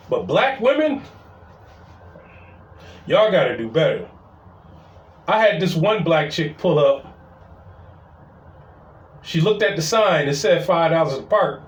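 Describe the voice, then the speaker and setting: Animated male storyteller, high voice, casual; roomy, distant recording. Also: slow, pauses often. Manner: animated, repeats "I was like". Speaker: storyteller, city parking attendant.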